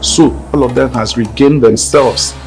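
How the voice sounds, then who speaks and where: An actor playing a stern palace messenger, delivering a formal message in a film drama. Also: male voice, medium pitch, moderate pace, faint music behind, close to an everyday voice. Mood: firm. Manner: formal, authoritative.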